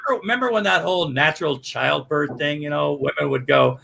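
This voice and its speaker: A man's voice: a little high, fast talker, gravelly, bright, forceful tone, poor audio. An older man on a livestream chat, rambling and cursing with many restarts. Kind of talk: casual chat.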